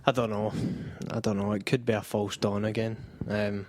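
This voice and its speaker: A man's voice: fairly low pitch, flat delivery, moderate pace, darkish tone, slight background noise. A man on a football podcast panel, talking casually and hesitantly, with many ums and restarts.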